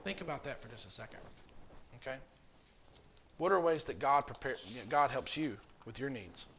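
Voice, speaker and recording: A man's voice: medium pitch, expressive, moderate pace, fairly bright tone, a little hiss or hum. A man teaching a children's communion class, coaxing answers with repeated questions. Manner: coaxing, asks questions over and over. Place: church classroom.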